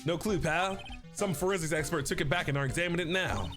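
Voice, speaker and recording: A man's voice: a little high, fast talker, lightly acted. A man reading aloud as a blunt male police detective who keeps adding "pal," with game music behind him. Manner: tacks "pal" onto his sentences.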